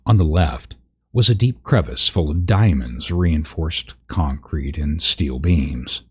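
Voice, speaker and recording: A man reads a parody fantasy tale aloud, stopping now and then for dry, wry asides about the text. His voice sits extremely low and husky. The delivery is casual comedic storytelling. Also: expressive, takes it slowly, darkish tone. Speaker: narrator.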